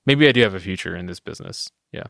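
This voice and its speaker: A man in his twenties, a videographer, telling stories in a casual interview, chatty and self-deprecating, breaking into high laughs. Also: expressive, very fast, vocal fry, a bit bright, no echo, studio quality. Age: 20s. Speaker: guest videographer.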